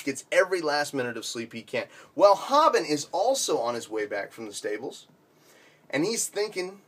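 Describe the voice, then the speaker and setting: A man with a husky, slightly higher voice spins a long shaggy-dog joke, narrating with animated energy as the tale builds. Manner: animated storytelling. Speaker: joke teller.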